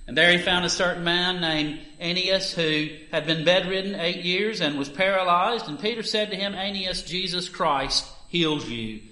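A man's voice: normal speed, hardly any pauses, pushed and bright. A man reading scripture aloud at a church service with emphatic delivery. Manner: emphatic reading that lifts in pitch and volume for the scripture. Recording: echoey room.

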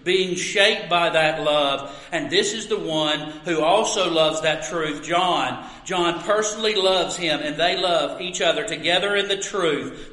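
High-voiced man preaching slowly in a hall. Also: pushed and bright. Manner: earnest, emphatic preaching with pauses. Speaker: pastor. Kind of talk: expository sermon.

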